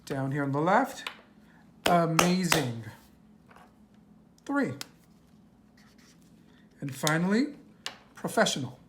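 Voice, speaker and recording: A woman teacher reading a worksheet aloud to young children, patient and slow, asking questions and answering them herself. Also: deep voice, very animated, very noisy.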